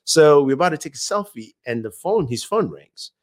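A man's voice: a little high, big pitch swings, normal speed. A man, a YouTuber guest, telling anecdotes in casual chat, acting out the voices of people he quotes and laughing often.

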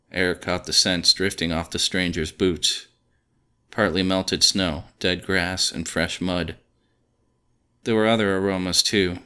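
A man narrating audio fiction in a steady, measured storytelling manner. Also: low-pitched, clean tone.

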